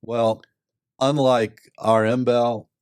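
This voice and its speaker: An older man, a company board member and lawyer, giving measured, thoughtful answers with many pauses and fillers. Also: mid-range voice, level tone, darkish tone, clean tone, dry recording, studio quality. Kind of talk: reflective interview answers.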